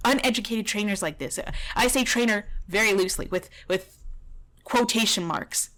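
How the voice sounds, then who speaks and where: A woman's voice: medium pitch, moderate pace, a bit bright. A woman dog trainer giving blunt, heated reaction commentary over a video, swearing at times.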